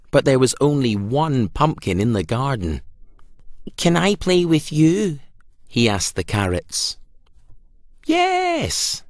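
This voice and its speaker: Slow expressive children's story reader. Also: mid-range voice, no room sound, studio quality.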